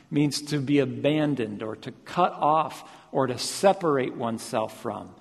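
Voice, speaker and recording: A man preaching a sermon, repeating phrases with rising emphasis and then dropping to a quiet, slow delivery. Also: on the high side. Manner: builds to loud emphatic repetitions, then drops soft and slow. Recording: long reverb of a large hall.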